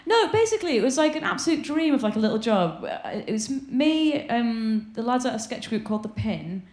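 A woman chats as a comedy guest, her voice pitched somewhat high. She throws in teasing, dry asides and deadpan bits. The room sounds echoey. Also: a little fast. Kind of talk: comedic interview chat.

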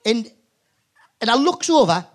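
Geordie comic, male, higher voice, lively raconteur who trips over his words. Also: unhurried. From north-east England. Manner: animated storyteller, frequent stammered restarts, swears. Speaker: comedian guest. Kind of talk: live podcast chat. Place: comedy club stage.

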